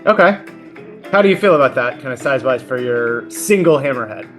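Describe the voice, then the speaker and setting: Podcast co-host, male, lively swooping delivery, wordy and playful. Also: mid-range voice, fairly quick, soft background music. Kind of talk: casual chat.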